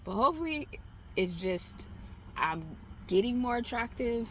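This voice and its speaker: A woman's voice: fairly high pitch, very animated, a little slow, slight background noise. A tired woman rambling candidly at home in a casual vlog, swearing and laughing as she talks to herself. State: exhausted. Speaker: trading vlogger. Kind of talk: casual self-talk vlog.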